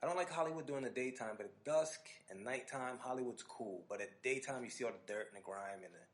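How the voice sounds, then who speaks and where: A man hosting a podcast, telling an animated, casual story full of restarts and asides. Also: medium pitch, quick pace. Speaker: podcast host.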